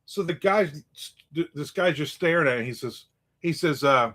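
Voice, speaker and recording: A man telling a story in a casual monologue, animated and acting out the people in it with raised voices. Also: on the high side, normal speed.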